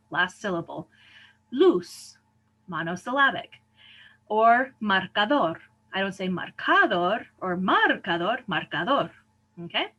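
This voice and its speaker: A woman teacher explaining a lesson in clear steps, often checking in with "right?". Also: medium pitch, a bit bright. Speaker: Spanish teacher. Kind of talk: recorded lesson.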